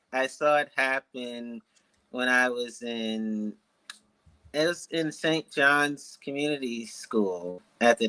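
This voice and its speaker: Slow, bright-voiced man around thirty. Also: medium pitch, smooth, poor audio. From Washington, D.C. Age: about 30. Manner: deliberate, measured, articulate storytelling. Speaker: author guest. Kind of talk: telling his life story in an interview.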